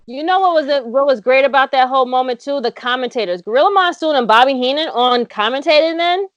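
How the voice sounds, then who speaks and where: A woman in her thirties with a high, bright voice and slangy speech. Her talk is animated and full of exclamations in a casual chat. The sound is dry and close. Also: fast talker, dry recording, dull audio. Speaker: podcast co-host.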